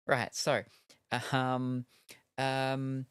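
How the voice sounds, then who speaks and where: A man's voice: medium pitch, a little slow, no echo, studio quality. A male streamer in casual chat while gaming, rambling and joking with lots of ums and uhs. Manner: rambling and jokey, with many fillers.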